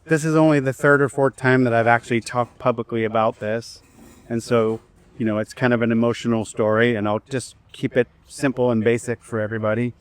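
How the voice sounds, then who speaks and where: A man's voice: medium pitch, level tone. A man telling a personal story to a live group in a casual, conversational way, with fillers and restarts. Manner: leads the group in slow breathing. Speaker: speaker at a wellness event.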